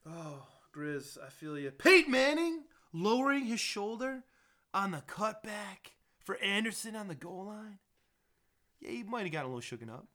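A man co-hosting a casual sports talk show, joking and teasing with quick exclamations. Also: sits high, very animated, bright, forceful tone.

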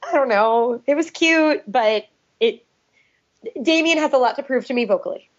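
A woman's voice: sits high, normal speed. A woman co-hosting a casual chat, rambling and hedging with lots of "I don't know"s. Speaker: podcast co-host. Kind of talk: casual chat reviewing TV episodes. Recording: dull lo-fi podcast recording.

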